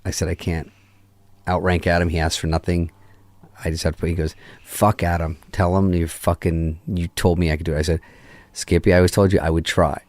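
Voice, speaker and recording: A man as a podcast guest, telling a long story in a casual, deadpan way, full of swearing and acted-out dialogue. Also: deep voice, brisk, no echo. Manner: profane, deadpan anecdote acting out quoted dialogue. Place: podcast studio. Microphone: studio microphone.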